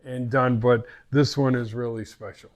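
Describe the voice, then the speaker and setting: A man's voice: mid-range voice, steady tone, normal speed. An older man with a Boston accent, a fishing captain telling stories in a casual interview, rambling and repeating words. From Massachusetts.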